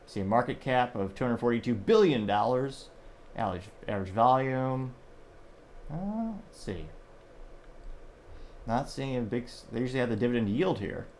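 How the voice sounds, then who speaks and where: Male show host, mid pitch, loose rambling commentary, faint hiss behind. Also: lively intonation, normal speed, long pauses, a little mellow. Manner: rambling, self-correcting, reads quotes aloud. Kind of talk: casual news commentary.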